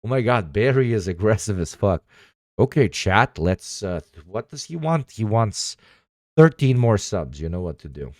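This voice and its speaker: A man's voice: on the low side, very animated, normal speed, darkish tone, no echo, studio quality. A man livestreaming, chatting casually with his viewers in a profane, sarcastic way.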